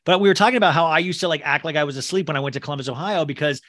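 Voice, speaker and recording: A man hosts a casual podcast chat and tells stories in an animated, playful way. His voice is bright and sits somewhat high. The sound is dry and close to the mic. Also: racing, no room sound. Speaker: podcast host.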